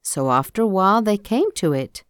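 A woman reading a folktale aloud in a measured, expressive manner. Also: medium pitch, smooth, no room sound, studio quality. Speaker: storyteller.

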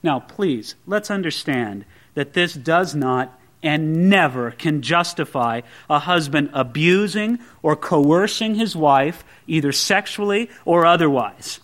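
A man's voice: a little high, lively intonation, takes it slowly, few pauses, fairly bright tone. A man preaching a sermon to a congregation, earnest and emphatic, with pointed rhetorical questions. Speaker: pastor.

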